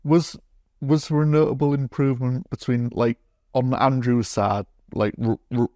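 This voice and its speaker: A male interviewer with a mid-pitched voice. He stumbles and restarts his questions as he asks them. The recording is close and dry. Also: flat delivery, dark tone, no echo. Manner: halting, repeats his opening words.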